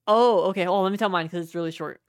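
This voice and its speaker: A man's voice: sits high, rapid-fire, clean tone, no echo, studio quality. A young man co-hosting a podcast, chatting casually, joking and swearing as he rambles. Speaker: podcast co-host. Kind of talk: casual chat.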